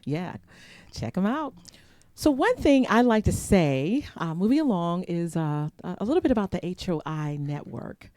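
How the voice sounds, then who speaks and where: A woman's voice: fairly low pitch, big pitch swings, normal speed, warm tone, no echo. A woman hosting a live show, chatty and rambling, laughing often and losing her place in her notes. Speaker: host.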